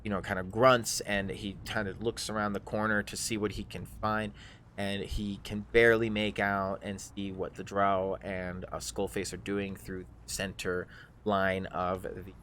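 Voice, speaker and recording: Brief: game master with a lowish voice, halting narration, faint room ambience. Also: male voice, level tone, a bit bright, slight background noise. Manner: hesitant, many fillers and restarts. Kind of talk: narrating a tabletop game livestream.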